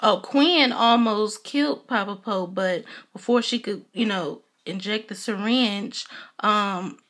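A woman's voice: medium pitch, takes it slowly, fairly bright tone. A young woman vlogger giving a casual, chatty recap of a TV episode, retelling scenes and quoting characters as she goes.

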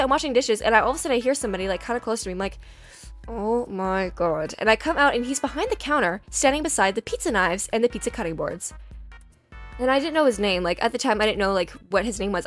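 Brief: fast-talking young woman, casual storytime narrator, chatty. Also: fairly high pitch. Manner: chatty, animated, filler-heavy.

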